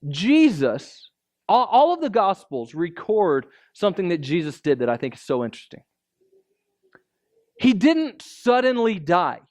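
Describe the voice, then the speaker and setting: High-voiced pastor preaching conversationally. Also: male voice, very animated, unhurried, darkish tone. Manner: conversational preaching, frequent rhetorical asides. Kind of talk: sermon.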